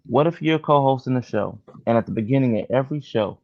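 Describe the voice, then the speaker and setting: A man with a gravelly, creaky voice asks questions on a casual panel. His audio sounds dull and lo-fi, and he lays out hypotheticals with a pointed, questioning tone. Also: medium pitch, fast. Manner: poses questions, reframes hypotheticals.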